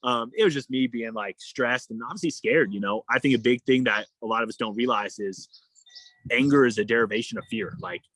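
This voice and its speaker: Speaking a little fast, an endurance athlete guest with a fairly bright voice rambles through a lengthy story in a casual interview. The audio is poor with no room sound, and he uses lots of fillers, acting out quotes in a raised voice.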